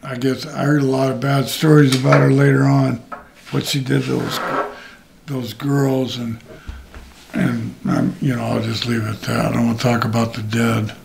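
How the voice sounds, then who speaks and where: A man's voice: medium pitch, little pitch movement, moderate pace, vocal fry, a little mellow, slight background noise. An older man, a retired wrestler, telling rambling and profane anecdotes in an interview. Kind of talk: shoot interview storytelling.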